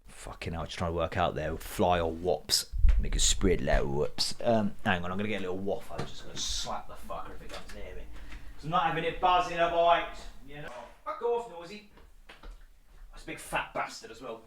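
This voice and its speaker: A man's voice: on the low side, normal speed, soft background music. A man, telling stories in a sweary solo comedy podcast rant and acting out the people he quotes. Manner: sweary, animated storytelling with acted quotes. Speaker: podcast host.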